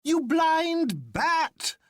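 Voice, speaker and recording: A jolly, impatient doctor with a strikingly high, cracking voice that swings wildly as he crows and scoffs at his friends. The recording is dry and close. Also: big pitch swings, drawn-out words, no room sound, heavily acted. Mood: mocking glee. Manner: loud, mocking, cheerful. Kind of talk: audiobook character reading.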